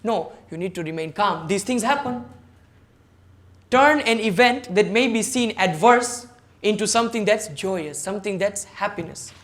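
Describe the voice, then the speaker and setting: A service club forum's guest speaker, a man whose high voice is a bit bright with lively intonation, lectures at normal speed in an online meeting. His motivational talk on public speaking stresses points one after another, and he questions listeners directly.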